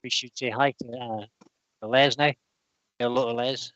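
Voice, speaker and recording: A man's voice: mid-range voice, fairly even intonation, normal speed, a bit bright, no echo, dull audio. A man hosting a casual livestream, reading out long lists of viewer names and laughing easily. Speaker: livestream host.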